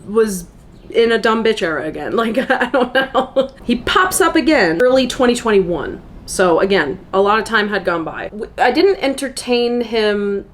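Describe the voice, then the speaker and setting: A woman's voice: on the high side, expressive, moderate pace, a little hiss or hum. Chatty young woman telling a story. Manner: rambling, filler-heavy, frank and profane. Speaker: content creator. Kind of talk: casual storytime chat.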